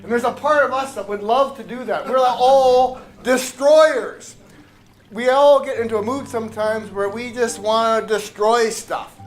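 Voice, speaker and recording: A man's voice: extremely high pitch, fairly even intonation, a little slow, soft background music. A man, a spiritual teacher, giving a casual, rambling workshop talk to a live audience. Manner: casual, rambling, with fillers and sudden shouted exercises.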